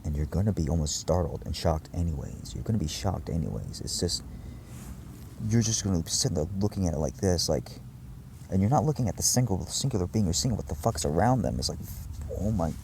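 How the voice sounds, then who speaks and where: A man's voice: deep voice, big pitch swings, a little fast, gravelly, a little mellow, slight background noise. A man talking to his viewers in a rambling, intense monologue, swearing often and restarting his sentences. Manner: intense, profane, wandering, many fillers and restarts. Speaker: vlogger addressing his viewers.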